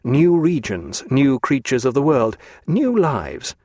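In a dry, clean studio recording, a man reads a novel aloud as an audiobook narrator. His medium-pitched voice moves through the scripted text in a measured, even storytelling style.

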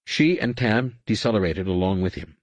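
A male audiobook narrator giving a dramatic, animated reading. His voice sits low, swings widely in pitch, and sounds dry and close to the mic. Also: normal speed, no room sound, highs cut off. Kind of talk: scripted narration.

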